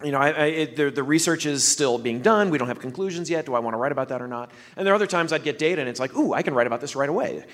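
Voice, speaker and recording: A man's voice: a little high, racing, few pauses, fairly bright tone. A man who is a scientist, a guest on a podcast, talking thoughtfully and rambling with many restarts. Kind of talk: casual podcast conversation.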